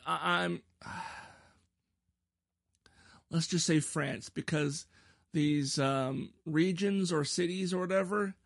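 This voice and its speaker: Gravelly-voiced man hosting a solo podcast. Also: sits high, no echo, clean studio sound. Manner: rambling, self-deprecating, stumbles over words. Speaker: podcast host. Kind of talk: casual solo podcast chat.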